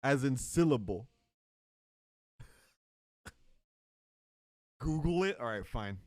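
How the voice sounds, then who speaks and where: A man's voice: mid-range voice, takes it slowly, no room sound, studio quality. A man streaming live, chatting casually and joking with his chat. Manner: joking, animated, talks to chat.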